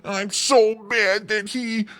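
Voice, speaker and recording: Guy doing a high whiny fuming fan voice, over the top mocking. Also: steady tone, slow pace, bright, forceful tone, exaggerated voice. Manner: exaggerated mocking whine. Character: whiny outraged man, fuming over a tweet.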